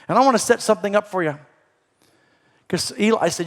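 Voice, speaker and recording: A middle-aged man preaching a sermon as a pastor, animated, swinging between loud emphasis and soft asides. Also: very high-pitched, moderate pace, vocal fry, long pauses. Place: church auditorium. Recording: long hall reverb.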